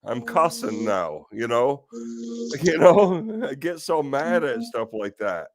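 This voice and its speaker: A man's voice: mid-range voice, very animated, unhurried. A man hosting a casual talk stream, ranting in exasperation with rhetorical questions and the odd curse. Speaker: host of a live talk stream.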